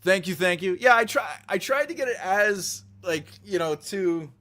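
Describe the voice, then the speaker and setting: A man's voice: high voice, lively intonation, moderate pace, sharp tone. A middle-aged man hosting a casual livestream, playful and laughing often, with bursts of mock-epic proclamation. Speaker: livestream host.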